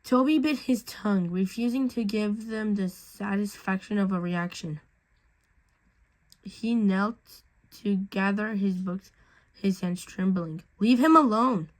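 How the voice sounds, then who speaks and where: A woman's voice: mid-range voice, fairly even intonation, slow pace, darkish tone, poor audio. A woman reading a fan fiction story aloud in a casual way, with slips and restarts.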